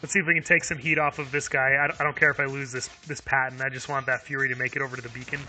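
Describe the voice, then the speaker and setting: A man's voice: medium pitch, little pitch movement, very fast, pushed and bright, faint music behind. A man streaming a video game live, chatting upbeat with viewers, laughing often and using lots of fillers. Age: adult with young kids. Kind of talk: live gameplay commentary.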